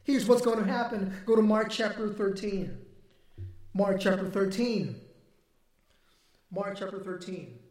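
High-voiced man preaching in an echoey room. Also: measured pace, pauses often. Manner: emphatic preaching, rising to near-shouting. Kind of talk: sermon.

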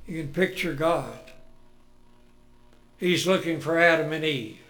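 A man preaching a sermon in an earnest way, moving between loud emphasis and hushed words. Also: a little high, a little slow, faint music behind.

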